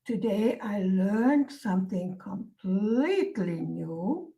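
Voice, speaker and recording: Woman vlogger, casual chat, slow and soft-spoken, mid-range pitch. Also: lively intonation, rough recording. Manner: soft-spoken and musing, with many pauses and fillers. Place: lives in Hungary.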